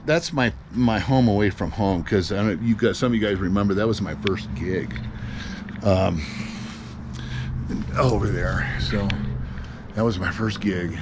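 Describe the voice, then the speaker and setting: A middle-aged American man, a solo gigging musician, showing his gear in a casual, rambling vlog full of fillers and the odd swear word. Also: on the low side. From USA. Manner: rambling, swears freely, many fillers and restarts. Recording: noisy home video recording.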